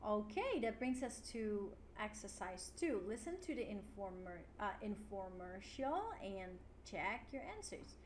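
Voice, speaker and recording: A woman teaching an English lesson online, clear and encouraging, with frequent "yeah" fillers. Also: mid-range voice, sing-song, a little slow, hardly any pauses. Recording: roomy with faint noise.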